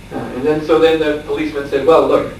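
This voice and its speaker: A man telling a story in a lecture, animated and laughing, acting out the shouts of the people in it. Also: on the high side. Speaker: spiritual teacher. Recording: echoey room from far off, faint background noise.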